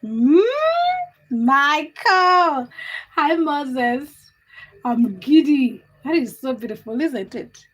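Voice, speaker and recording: A young woman with a high, bright voice hosts a casual livestream. She chats with viewers by name, teasing them and giggling as she reads the comments. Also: very slow. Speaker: livestream host.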